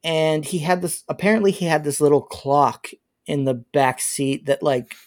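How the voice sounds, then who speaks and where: A man's voice: on the high side, normal speed. Man telling a story matter-of-factly. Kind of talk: casual storytelling chat.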